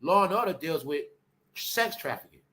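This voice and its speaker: A man, ranting bluntly on his commentary channel, jumping from loud outbursts to low mutters. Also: expressive, normal speed. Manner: loud, blunt and swinging between shouting and muttering.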